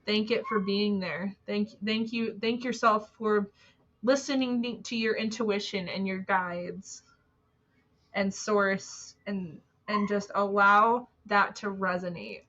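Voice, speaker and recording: A woman's voice: medium pitch, fairly even intonation, takes it slowly, a bit bright. Bubbly woman on a lo-fi stream. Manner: bubbly, gushing, chatty with fillers. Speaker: spiritual reader and live-stream host. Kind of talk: casual spiritual live-stream chat. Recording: dull lo-fi stream audio.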